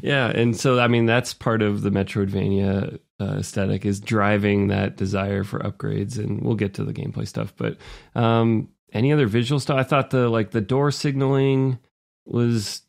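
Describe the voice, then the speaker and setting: A man's voice: lowish voice, normal speed, creaky. A man co-hosting a casual podcast about video games, rambling with jokey asides. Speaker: podcast co-host.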